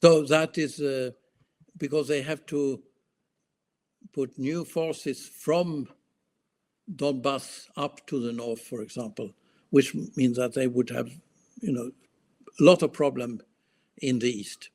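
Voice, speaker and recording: A man, giving slow, halting analysis in casual discussion. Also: medium pitch, steady tone, a little mellow. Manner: slow, halting, many restarts and fillers. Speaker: guest analyst.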